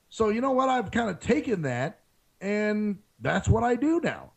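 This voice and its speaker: A man's voice: sits high, big pitch swings, normal speed, gravelly, poor audio. A man hosting his own radio show, ranting frankly in a casual solo monologue and swearing freely.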